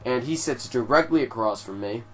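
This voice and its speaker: A young man telling a story to his viewers in a casual, animated way, swearing often and filling his talk with "like". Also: medium pitch, moderate pace, soft background music. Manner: profane, animated storytelling with frequent fillers. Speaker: vlogger.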